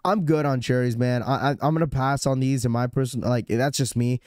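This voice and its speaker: A hoarse man hosts a sneaker livestream in loose, rambling casual chat, his voice strained by a sore throat. He sits at a middling pitch. The sound is dry and close, with no room around it. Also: fairly even intonation, a little fast, a little mellow, no echo. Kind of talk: casual live-stream chat.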